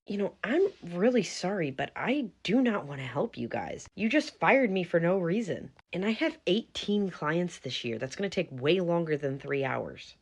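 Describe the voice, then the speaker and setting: A woman's voice: low-pitched, lively intonation, moderate pace, vocal fry, hardly any pauses. A young woman narrating her own story and acting herself out, earnest, polite but firm. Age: young adult.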